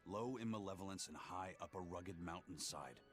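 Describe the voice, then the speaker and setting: A man's voice: low voice, moderate pace, over music, lightly acted. A man voicing a curt, serious adventurer in a video game.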